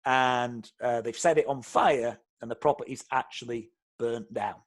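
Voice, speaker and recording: A man's voice: mid-range voice, unhurried, voice pushed down, natural voice. A man playing a fire officer on the phone. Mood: grave. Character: calm male fire brigade officer delivering bad news.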